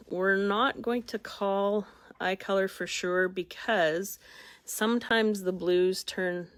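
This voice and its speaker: A woman's voice: on the low side, no room sound. A woman dog breeder chatting casually and fondly while showing off puppies. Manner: chatty and folksy, fond toward the puppies. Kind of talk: casual chat.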